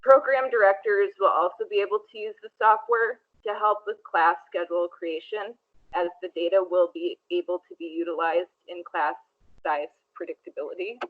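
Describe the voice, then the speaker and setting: A woman's voice: lowish voice, moderate pace. A woman student presenting a class project, reading from notes with frequent fillers and restarts. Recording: tinny phone-like audio.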